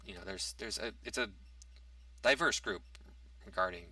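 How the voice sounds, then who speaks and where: A man's voice: lowish voice, moderate pace, bright, forceful tone, dry recording, distant mic. A man in a casual opinion monologue, reading out topics and rebutting them, with hesitant restarts. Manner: argumentative, reads out a topic then rebuts it. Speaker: commentary vlogger.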